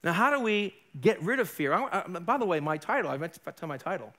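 A male pastor preaching a sermon in a church, emphatic and building to forceful peaks. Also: high voice, animated, a little fast. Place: church sanctuary.

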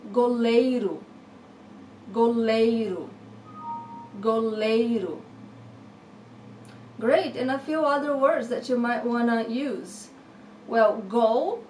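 A woman with a Brazilian Portuguese accent teaching a vocabulary lesson, saying each word three times, slowly and carefully. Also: on the high side. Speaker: language teacher. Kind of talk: vocabulary lesson with slow repetition. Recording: roomy, distant mic, faint background hum.

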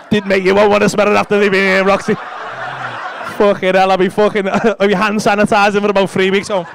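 A stand-up comedian doing crude, teasing crowd work on a club stage. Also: male voice, sits high, flat delivery, moderate pace, vocal fry, noisy background. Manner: crude, teasing banter with the audience. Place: comedy club stage before a live audience. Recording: live club recording with loud crowd laughter.

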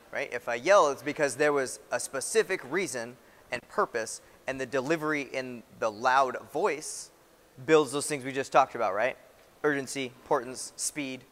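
A man's voice: mid-range voice, fairly bright tone. Man, military instructor, classroom lecture, conversational, mid-range voice, long hall reverb. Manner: conversational, often checks in with "right?".

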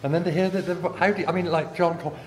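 A man's voice: high-pitched, steady tone, very fast. Joking male actor telling anecdotes. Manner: jokey, anecdotal storytelling. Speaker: panel guest actor. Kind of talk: convention panel interview. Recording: echoey hall.

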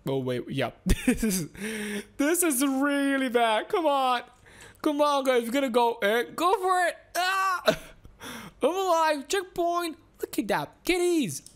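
Giggly, animated woman playing a game. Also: a little high. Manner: excitable, giggly, frequent exclamations. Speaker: gaming video host. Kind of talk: playthrough commentary.

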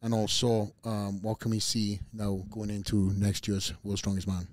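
Lowish-voiced man hosting, teasing banter. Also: monotone, moderate pace, no room sound. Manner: teasing, jokey banter with the guest. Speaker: podcast host. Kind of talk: casual interview chat.

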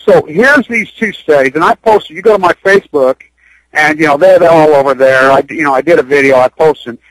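A man's voice: a little high, brisk, no echo, rough recording. A man speaking on a radio interview, urgent and rambling, repeating himself as he pushes his point. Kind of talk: impassioned radio interview talk. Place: Utah.

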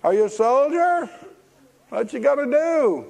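A preacher puts on a crowd of mocking townsmen, shouting taunts down from a high wall in a shrill, raised voice. The jeering is loud and scornful. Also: male voice, expressive, a little slow, gravelly, in a large hall, full character voice. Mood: taunting. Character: jeering men of a walled city, mocking.

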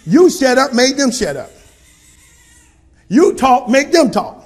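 High-voiced preaching man, shouting at times. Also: big pitch swings, slow pace. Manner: preaching with call-and-response, often shouting. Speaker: pastor. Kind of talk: sermon. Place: church with congregation.

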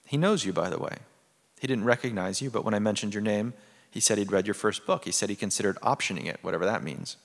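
A brash, teasing Israeli man full of swagger, voiced by a man reading from his novel. The voice sits a little low and is heard with a long theater-hall reverb. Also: fast talker, creaky. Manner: read aloud in a lively, deadpan storytelling tone.

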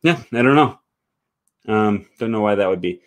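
A man's voice: lowish voice, expressive, moderate pace. A man who teaches languages, talking casually on a livestream and answering viewer comments, thinking aloud with frequent fillers. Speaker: language teacher and channel host.

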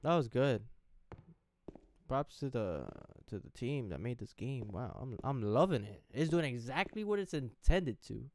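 A young man commenting casually as he plays through a horror game, reacting out loud, swearing and talking to the screen. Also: mid-range voice, big pitch swings, unhurried, dry recording. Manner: jumpy, swearing, talks to the game. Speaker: gaming streamer. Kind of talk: let's play commentary.

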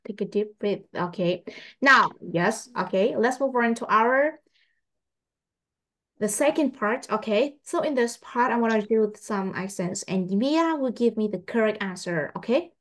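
A woman English teacher, patiently testing a young pupil and repeating her questions slowly. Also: fairly high pitch, lively intonation, fairly bright tone. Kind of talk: online English test with a child.

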